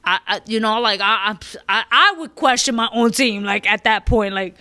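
A woman's voice: medium pitch, normal speed, pushed and bright, no room sound. A woman hosting a podcast, giving her opinions in casual chat in an emphatic, profane way, often checking "you understand?". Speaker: podcast host.

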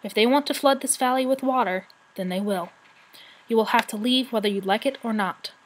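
A woman's voice: on the high side, close to an everyday voice. A woman voicing Sorrel, a cross little brownie. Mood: scolding. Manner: scolding, cross, quick-tempered. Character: grumpy sharp-tongued female forest brownie.

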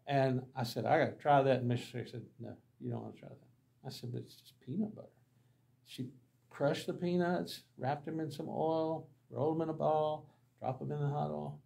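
A man's voice: on the high side, normal speed, vocal fry, warm tone. A man, a pastor teaching a Bible class, telling folksy, humorous mission stories and acting out the dialogue. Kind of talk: anecdotal Bible lesson storytelling.

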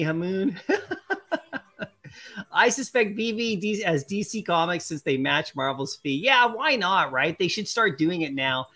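A live-stream host opening collectible packs, chatting casually and excitedly with viewers and laughing often. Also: medium pitch, takes it slowly. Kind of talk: casual live-stream chat, reading viewer comments aloud.

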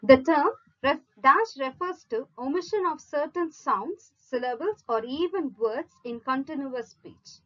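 A woman reads exam questions aloud in a measured, unhurried lesson, pausing through each option in turn. Her voice sits high and swings widely in pitch. The recording sounds a little muffled and lo-fi. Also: animated, fairly bright tone. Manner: measured, reads each option in a list then gives the answer. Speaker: teacher reading exam questions. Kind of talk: slow read-out quiz lesson.

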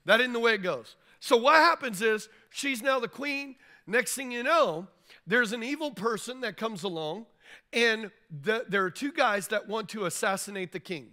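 In a church, a pastor with a high, bright voice preaches a sermon at a normal speed with lively intonation. He tells the story loosely and conversationally, voicing the figures' lines in plain modern speech.

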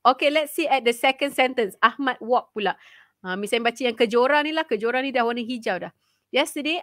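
A woman's voice: a little high, fairly bright tone, no echo, studio quality. A woman with a Malaysian accent teaching an online English lesson to primary pupils, mixing English and Malay and encouraging them.

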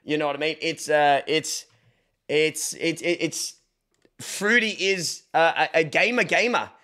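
Bright, animated young male streamer. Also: on the high side, unhurried. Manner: animated, joking, bursts of mock shouting. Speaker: livestreamer. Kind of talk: casual live-stream chat.

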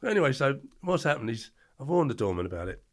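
Fast-talking older man telling stories. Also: mid-range voice. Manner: animated, colourful anecdotes with plenty of slang. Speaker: podcast guest. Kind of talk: storytelling interview.

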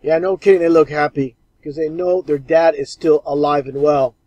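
A man's voice: fairly high pitch, steady tone, moderate pace, warm tone, no echo, poor audio. A man commenting scornfully and insistently over old clips.

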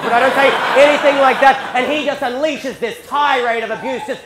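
A man's voice: extremely high pitch, fast, few pauses, fairly bright tone, slight background noise. A man telling a comic story on stage, stammering and self-mocking. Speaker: stand-up comedian. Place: theatre stage with audience.

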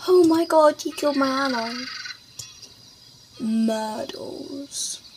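A woman hosting a let's play, excitable, shrieking and chatting to the creatures on screen. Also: high-pitched, measured pace, background noise. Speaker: gaming channel host.

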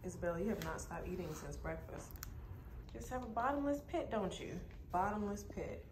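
A young mother chats with her toddler in a casual home vlog, her voice rising and falling a lot. She laughs often and keeps a doting, sing-song tone. Clear background music plays under her speech. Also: mid-range voice.

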